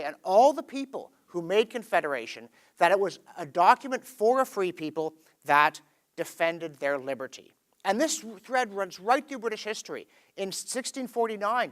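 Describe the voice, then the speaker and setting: A Canadian man giving a lecture-style talk to a live audience at an evening event, emphatic and animated, with wry asides. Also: high voice. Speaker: speaker giving a public talk. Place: event hall.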